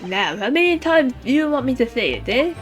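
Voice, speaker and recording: A brash, blustering male street peddler, as a woman reads him out, pitched fairly high and quick to deny everything. Game music runs clearly behind him. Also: sing-song. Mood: defensive. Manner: blustering, defensive.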